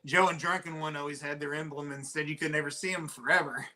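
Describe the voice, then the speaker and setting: A man's voice: on the high side, fairly even intonation, quick pace, sharp tone. A man in casual chat, reminiscing about old friends and laughing along.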